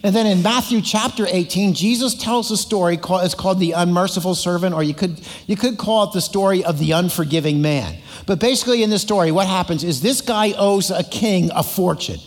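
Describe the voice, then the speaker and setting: A man's voice: high-pitched, brisk, hardly any pauses. A man preaching a sermon as pastor, telling stories with acted voices and prompting the congregation to answer. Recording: hall reverb.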